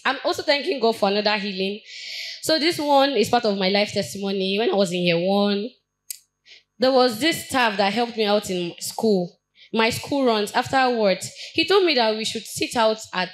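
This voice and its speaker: A woman's voice: mid-range voice, rough recording. Earnest young Nigerian woman testifying. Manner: earnest, halting with frequent restarts and repetitions. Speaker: church member giving testimony. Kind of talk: personal testimony at a Bible study.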